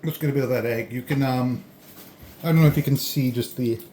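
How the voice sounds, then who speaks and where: Casual food-vlog host, rambling between bites, mid pitch, roomy echo, faint dish clatter. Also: fairly even intonation, brisk, mellow, slight background noise. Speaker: food vlogger. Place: indoors at home, eating a delivered meal. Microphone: camera on a tripod.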